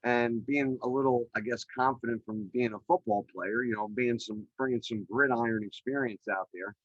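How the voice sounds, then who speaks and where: A middle-aged man, a podcast guest, telling his career story in an energetic, chatty way with many fillers over a video call. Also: medium pitch, normal speed, no room sound, dull audio. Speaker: podcast guest, real estate developer. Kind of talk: animated storytelling in an interview. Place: remote call.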